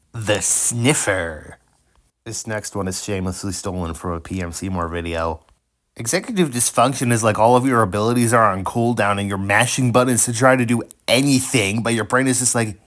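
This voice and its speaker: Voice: mid-range voice, a little fast, fairly bright tone. A video creator casually reading social media posts aloud with amused, wry asides.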